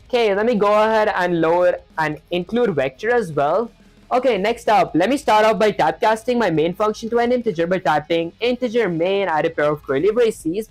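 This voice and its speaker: A woman's voice: on the low side, darkish tone, no room sound, poor audio. A woman streaming herself coding, talking through each step and chatting with viewers in a loose, filler-heavy way.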